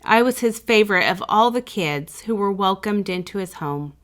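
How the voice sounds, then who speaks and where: A woman calmly reading out a first-person story as the channel's narrator, in an even storytelling delivery. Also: mid-range voice, moderate pace. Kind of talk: scripted narration of a reader's story.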